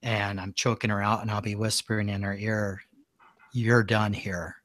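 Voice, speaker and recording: Low-voiced male player, dry sound. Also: monotone, brisk, a bit bright, no echo. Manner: casual and eager. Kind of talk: casual tabletop play.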